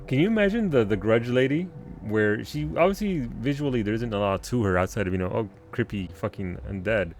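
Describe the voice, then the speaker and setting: A man streaming a video game live, commenting on the action and replying to chat in an excitable way, swearing and laughing often. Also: fairly low pitch, brisk, few pauses, soft background music.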